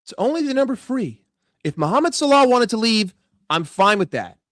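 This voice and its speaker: A man's voice: extremely high pitch, sing-song, normal speed, a bit bright, dry recording, clean studio sound. A man with a New York accent, ranting sarcastically and with lots of swearing in a fan commentary video. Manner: sarcastic, profane, heated. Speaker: football fan vlogger.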